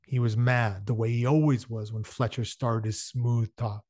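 A man reads a novel aloud, pausing for casual explaining asides with fillers. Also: medium pitch, steady tone, darkish tone, no echo, studio quality. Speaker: reader. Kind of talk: reading a novel aloud with commentary.

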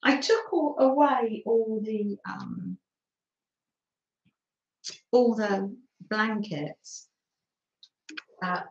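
A woman vlogger chatting casually on a live stream, giggling often and talking warmly to viewers and her dogs. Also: mid-range voice, drawn-out words, vocal fry, pauses often, roomy sound, muffled recording. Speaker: craft vlogger. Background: pet dogs nearby.

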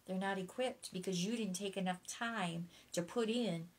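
A woman's voice: mid-range voice, moderate pace, low-quality recording. A woman preaching a sermon, teaching in an emphatic way, repeating her key phrases and spelling out words for note-takers.

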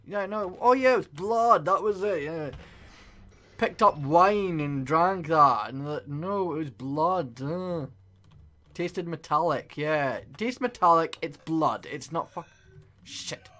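A young man commentating on a horror game, excitable, swearing constantly and yelping at scares. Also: fairly high pitch, slow pace. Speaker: gaming video creator.

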